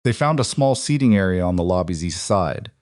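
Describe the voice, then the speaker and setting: A man narrating a story in a calm, measured way. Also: sits low, dry recording, clean studio sound.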